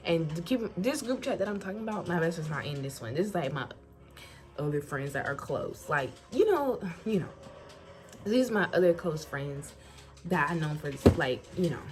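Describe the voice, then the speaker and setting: A young woman from Florida telling a casual storytime about getting into college, animated and colloquial, acting out what people said. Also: low-pitched, moderate pace. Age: young adult. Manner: animated, colloquial, acts out quotes. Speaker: incoming college student. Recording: music playing behind voice.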